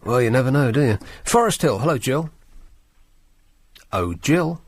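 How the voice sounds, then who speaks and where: A man hosts a radio phone-in with wry, deadpan quips. His pitch swings a lot as he talks, and the studio sound is close and dry. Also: moderate pace, husky, no echo. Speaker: radio host. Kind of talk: late-night radio talk.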